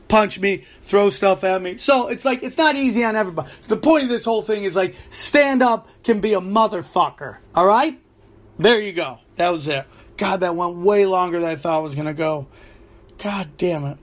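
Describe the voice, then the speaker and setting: High-voiced, ranting comedian. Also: male voice, moderate pace. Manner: profane, animated storytelling with fillers. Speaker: stand-up comedian and podcast host. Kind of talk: ranting podcast monologue.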